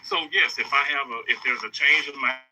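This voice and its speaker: A man's voice: medium pitch, fairly quick, bright, forceful tone. A man, a surgical technologist, speaking candidly and emphatically in a workplace meeting, often repeating and restarting as he finds his words. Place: meeting room at a hospital. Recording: noisy recorded meeting audio.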